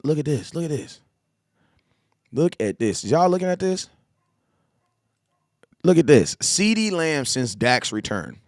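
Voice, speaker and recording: Slangy fortysomething guy on a live sports stream, bit high voice, dry close sound, keeps repeating himself to chat. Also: no echo. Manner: animated, repetitive, slangy, talks to chat. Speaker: live show host.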